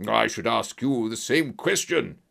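A man's voice: mid-range voice, a little slow, vocal fry, a bit bright, heavily acted. A man voicing a fat, burly, villainous man in an audiobook, shrieking accusations. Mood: furious.

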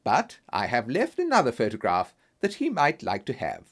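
A man's voice: mid-range voice, huge pitch swings, moderate pace. A man voicing a clever, composed woman by reading her letter aloud in a storybook. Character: clever cool-headed woman, an actress.

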